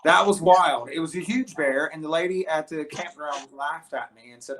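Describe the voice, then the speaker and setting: A man from the United States, a touring rock musician, telling stories as an interview guest, animated and full of restarts and fillers. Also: fairly high pitch, a little fast, hardly any pauses. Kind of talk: casual interview storytelling.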